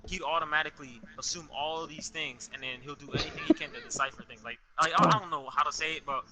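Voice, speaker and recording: A young man telling a story in a casual, animated way, full of slang and swearing, on a podcast with friends. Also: fairly high pitch, fast, a crowd in the background, poor audio. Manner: animated, profane, street slang. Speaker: podcast co-host.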